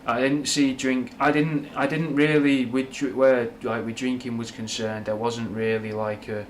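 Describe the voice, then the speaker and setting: At a moderate pace with hardly a pause, a young man from Manchester works through viewer questions in a level, medium-pitched voice. His Mancunian accent has a slight Scouse twang, and his frank, rambling chat is full of slang and swearing over slight background noise.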